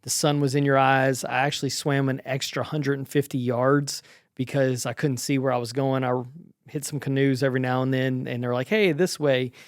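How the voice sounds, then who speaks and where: A man in his forties talks through his race in a chatty, self-deprecating way, full of ums and quick restarts. His voice sits at an ordinary pitch. The recording is close and dry, with no room sound. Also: level tone, clear, resonant tone, no echo. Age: 40s. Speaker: vlogger recapping his race. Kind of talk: casual spoken recap.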